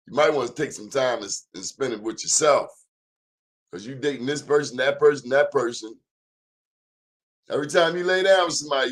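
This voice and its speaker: A man hosting his own talk show, giving an emphatic, preachy monologue in a folksy, plain-spoken way. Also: mid-range voice. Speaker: show host.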